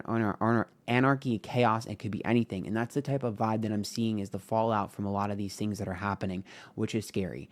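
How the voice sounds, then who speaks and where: A man giving a casual tarot reading on camera. He talks in a frank, rambling way, swearing often and using many fillers. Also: on the low side. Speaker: tarot reader.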